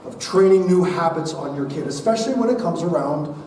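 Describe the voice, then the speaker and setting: High-voiced man, energetic speaker in roomy hall. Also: brisk, distant mic, slight background noise. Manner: energetic, leads the audience in call-and-response. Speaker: keynote speaker at a school parent night. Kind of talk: motivational talk to parents. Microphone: body-worn mic.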